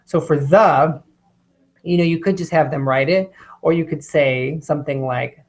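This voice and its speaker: A woman teacher explaining spelling lists, sounding out words slowly and carefully. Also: deep voice, darkish tone. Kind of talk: instructional explanation.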